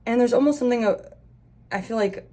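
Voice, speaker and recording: A woman's voice: fairly high pitch, fast talker, warm tone. A young woman giving a casual pick-a-card tarot reading, chatty and rambling, with lots of fillers and restarts. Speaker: tarot reader.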